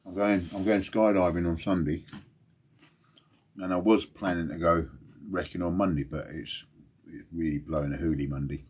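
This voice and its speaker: A man's voice: low voice, steady tone, moderate pace, a little mellow, slightly rough. A tired man chatting casually to his livestream viewers from home late at night, rambling and laughing often. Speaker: fishing livestream host.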